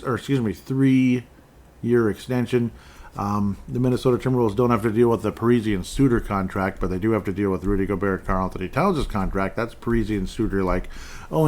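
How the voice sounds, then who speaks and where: Rambling low-voiced male sports podcaster. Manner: rambling, self-interrupting, digressive; chuckles often, offhand ranting. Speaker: podcast host. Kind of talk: casual solo sports talk.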